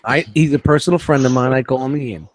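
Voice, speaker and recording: A man co-hosting a casual podcast chat, brash and profane, giving friends shout-outs. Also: mid-range voice, fast, no room sound, studio quality. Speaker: podcast co-host.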